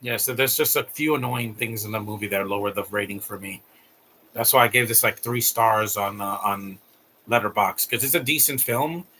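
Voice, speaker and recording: Male streamer, bright tense voice, blunt grumbling off-the-cuff commentary with restarts. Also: fairly low pitch, normal speed, a little hiss or hum. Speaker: live streamer. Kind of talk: casual live-stream commentary.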